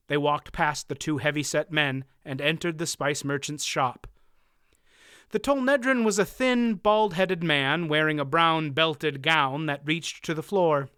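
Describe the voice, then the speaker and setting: A man narrating a fantasy audiobook in a measured, even way. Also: a little high, clean tone, dry recording, clean studio sound. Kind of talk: scripted narration.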